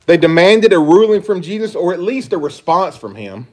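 A male pastor delivering a sermon with emphatic, questioning delivery. His voice sits a little higher than most men's, and he swings between louder stresses and quieter asides. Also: sing-song, normal speed. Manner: emphatic, rhetorical questions, shifting pitch and volume.

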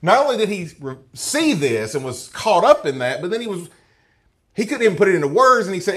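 Lively, higher-voiced man teaching scripture. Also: fairly quick. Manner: checks in with listeners, asking "okay?" and "right?"; reads scripture passages aloud. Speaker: Bible teacher. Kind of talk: expository Bible teaching.

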